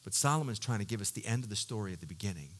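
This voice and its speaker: A middle-aged male pastor preaching a sermon, swinging from loud emphatic peaks to quiet, low storytelling, with halting restarts as he searches for words. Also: expressive.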